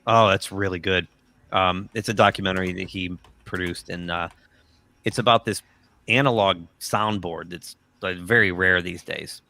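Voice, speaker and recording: A man hosting a livestream and telling lively anecdotes over a video call. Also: deep voice, normal speed, no room sound. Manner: animated anecdote teller, quotes people in voices. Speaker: livestream host. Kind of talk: casual chat, storytelling.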